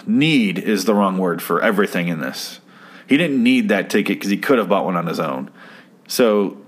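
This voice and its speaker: A man casually recapping and nitpicking a TV episode, swearing and joking sarcastically as he goes. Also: lowish voice. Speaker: commentator reviewing a TV episode. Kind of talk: casual chat.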